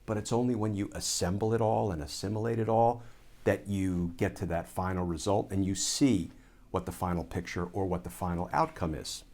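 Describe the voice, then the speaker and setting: A former Army lawyer from the United States, a man giving solo commentary, explaining points in a measured way and restating phrases for emphasis. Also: lowish voice, a little mellow.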